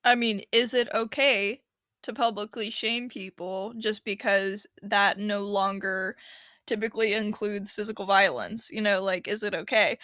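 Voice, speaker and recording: A woman's voice: medium pitch, unhurried, no echo, clean studio sound. A woman hosting a podcast, talking casually and retelling a story with lots of fillers and little laughs. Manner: chatty, animated retelling with frequent fillers and laughs. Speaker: podcast host. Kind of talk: casual solo podcast talk.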